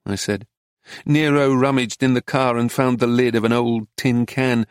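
A man reads a memoir aloud in a measured, even storytelling voice. His pitch sits in the middle for a man. The recording is dry and close, with no room around it. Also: smooth, dry recording. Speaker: narrator. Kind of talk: audiobook narration of a memoir.

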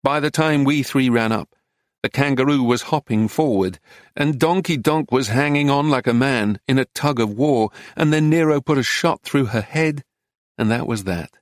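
A man narrating a memoir as an audiobook, telling it in a measured, even way. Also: mid-range voice, dry recording, studio quality.

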